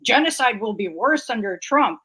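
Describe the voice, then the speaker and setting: A woman co-hosting a political livestream. She speaks with earnest conviction and argues by stacking one point on the next, in a slightly high voice. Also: lively intonation, normal speed, pushed and bright, breathy edge, low-quality recording. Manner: earnest and argumentative, builds points in a row. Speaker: livestream co-host. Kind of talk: casual political discussion.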